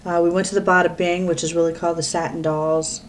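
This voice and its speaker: A woman's voice: on the low side, level tone, quick pace, slight background noise. A middle-aged woman from the US East Coast, chatting alone to her webcam at home in a rambling way, often breaking off mid-sentence. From Pennsylvania, US East Coast. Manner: rambling, chatty, self-interrupting. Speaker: vlogger. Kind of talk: casual talk to webcam.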